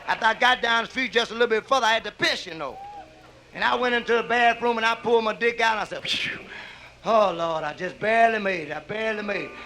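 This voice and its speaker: Talking fast in an extremely high, bright and forceful voice, this middle-aged comedian drawls through bawdy tales at a nightclub, voicing characters amid whoops and laughter. The audio, taken from a live club album, is poor, with a bit of background noise.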